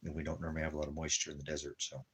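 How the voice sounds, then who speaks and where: A man with a rumbling low voice talks rapidly and in a level tone, with background noise. At home in the desert, he rambles casually and repeats himself, cooing to his dog before drifting into preachy religious talk.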